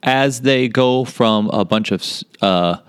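A man's voice: medium pitch, takes it slowly, clean tone, no room sound. Man, podcast host, casual rambling chat, fillers, dry close sound.

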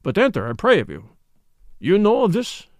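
A man's voice: high-pitched, wildly swooping pitch, normal speed, no room sound, studio quality, voice pushed up, full character voice. A man playing a pompous middle-aged French police commissary who speaks in a formal, insistent way.

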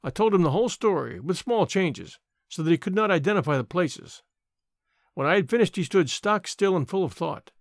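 A man narrating a story in the first person with a measured, expressive reading. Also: sits high, no room sound, clean studio sound. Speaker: audiobook narrator.

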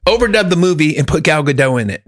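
A man's voice: a little high, animated, fast talker, a bit bright, no echo, clean studio sound. A man in casual chat, ranting about movies with heavy profanity.

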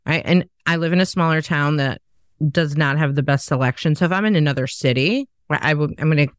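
A woman hosts a casual interview, telling stories with lively acted-out dialogue. Her voice is smooth and clear, recorded dry and close. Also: deep voice, fast, no echo. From Southern United States. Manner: animated storyteller who acts out quoted dialogue. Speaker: podcast host.

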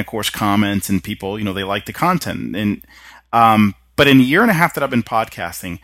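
A man's voice: mid-range voice, a bit bright, no room sound, studio quality. A man hosting a podcast, chatting casually with his guest and laughing along. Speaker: podcast host.

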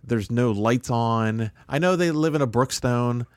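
A man's voice: mid-range voice, a little slow, dry recording, studio quality. A man co-hosting a podcast, talking in a casual, rambling and blunt way with jokes and restarts. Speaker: podcast co-host. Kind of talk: casual chat.

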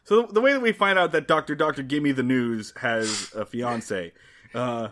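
A man co-hosting a casual podcast recap, retelling the plot in a wry, animated and blunt way. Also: mid-range voice, normal speed. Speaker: podcast co-host.

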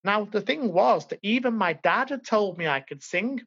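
A man's voice: high-pitched, animated, moderate pace, gravelly, a bit bright, slightly rough, no echo. A man from Liverpool, England, telling his life story as an interview guest in an earnest, emotional, reflective way. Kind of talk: personal life story in conversation. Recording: dull, lo-fi, dry.

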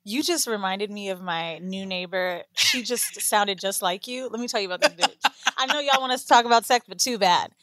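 A woman co-hosting a casual chat show, blunt and profane, telling animated stories and mimicking people. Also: medium pitch, fairly quick, dry recording. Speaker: podcast co-host. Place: New York.

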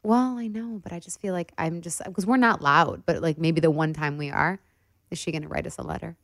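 A woman from Michigan, chatting as a guest in an expressive, talkative way. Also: lowish voice, fairly quick, dry recording, clean studio sound. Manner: chatty and expressive with laughs and exclamations. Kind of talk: casual interview chat.

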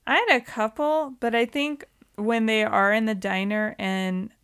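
A woman's voice: on the high side, fairly even intonation, a little slow, a bit bright, clean tone. A woman co-hosting a podcast, chatting casually about a movie and recounting scenes. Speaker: podcast co-host. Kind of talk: casual movie-review chat.

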